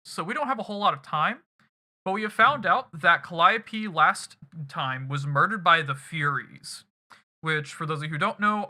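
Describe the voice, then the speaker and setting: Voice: mid-range voice, sharp tone. A streamer recapping a game to chat in a loose, rambling, casual way with some swearing.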